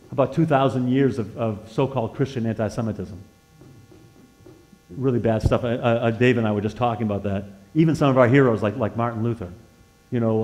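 A guest speaker delivers a sermon in a church sanctuary, his mid-range voice captured on a rough recording. He tells stories and swings between loud emphasis and hushed, earnest tones, often repeating words and restarting phrases.

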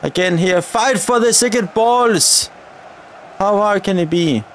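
A man with a high-pitched voice talks through a football video game match in a chatty, running commentary. He keeps grumbling at the referee and his own players as he plays. A faint hum sits under the recording. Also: measured pace. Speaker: gaming video creator.

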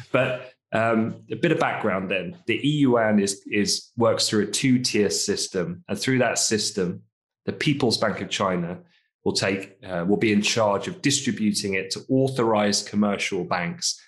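Low-voiced man, chatty. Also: a little slow. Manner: relaxed, chatty, laughs easily, asks tag questions. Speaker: co-host, markets commentator. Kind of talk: casual podcast discussion.

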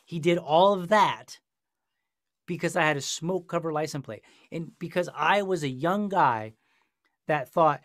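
A man's voice: on the high side, unhurried, no room sound, clean studio sound. A man hosting a podcast discussion, telling a story in a passionate, sarcastic way. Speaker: podcast host. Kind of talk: casual discussion.

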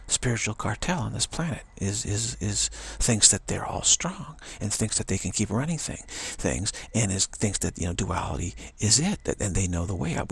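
A man's voice: lowish voice, gravelly, slightly rough. A man giving a spiritual talk, taunting and challenging in a mocking tone. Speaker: spiritual teacher.

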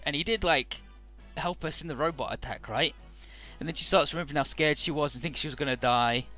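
A man's voice: on the high side, moderate pace, bright, forceful tone, soft background music. A young man casually recapping a video game's story, rambling and irreverent, with many uhs. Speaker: let's play narrator.

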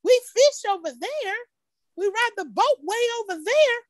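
Woman playing a shrill panicked little girl. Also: very animated, measured pace, no room sound, heavily acted. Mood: bewildered. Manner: shrill, frantic pleading. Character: young girl of ten, panicked and squealing.

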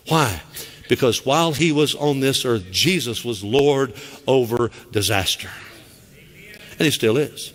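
A middle-aged man with a Southern US accent preaching a lively sermon as pastor in a church, acting out quoted voices with sharp high cries. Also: unhurried. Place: church sanctuary. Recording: church sanctuary with long reverb.

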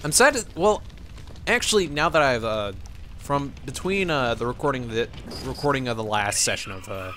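A man's voice: medium pitch, animated, normal speed, fairly bright tone, slight background noise. A young man giving casual, rambling let's-play commentary, joking and laughing as he plays. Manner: rambling, jokey, laughs often.

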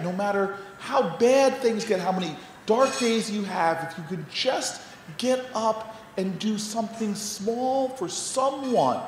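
A man giving an inspirational gala speech from a podium, stumbling over repeated words and building to rousing refrains. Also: high voice. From United States. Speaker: mayor, gala speaker. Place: large banquet hall. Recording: echoey hall, faint noise.

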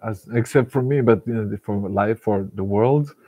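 A man, giving a casual, animated self-help talk and laughing often between thoughts. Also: lowish voice, normal speed, dry recording, narrow, tinny audio. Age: 40s. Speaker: motivational speaker.

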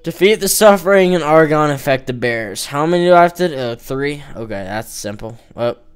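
A man's voice: a little high, lively intonation, moderate pace, smooth. A man giving casual let's-play commentary, teasing and joking with the game's characters as he plays. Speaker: gamer playing an online role-playing game.

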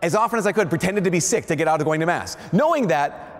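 A Catholic priest, a man, giving a lively storytelling sermon, animated and self-deprecating, often laughing, in a large church. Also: fairly high pitch, fast. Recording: long echoing church reverb.

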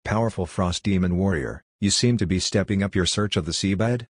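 A man's voice: normal speed, husky, dry recording. A man reading as a muffled berserk demon warrior. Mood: blunt. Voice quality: low, muffled. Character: hulking cyan-skinned male berserk demon warrior.

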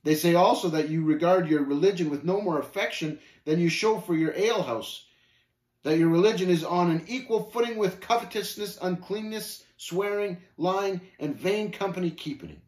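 A man's voice: high voice, moderate pace, roomy sound, pitched above the performer's own voice, natural voice. A man doing an earnest plain-spoken pilgrim. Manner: steady, matter-of-fact, earnest.

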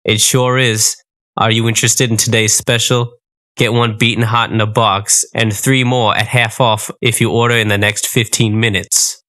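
A man's voice: lowish voice, level tone, moderate pace, bright, forceful tone. A man voicing a pushy male phone operator for hired killers, with a Brooklyn accent and a salesy, brash manner.

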